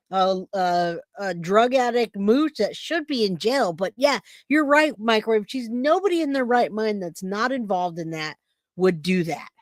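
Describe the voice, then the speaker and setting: A woman's voice: medium pitch, no echo. Woman hosting a live stream, gets fired up and emphatic, reads chat comments, dry close audio. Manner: heated, emphatic, reads out viewer chats. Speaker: livestream host. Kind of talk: casual livestream commentary.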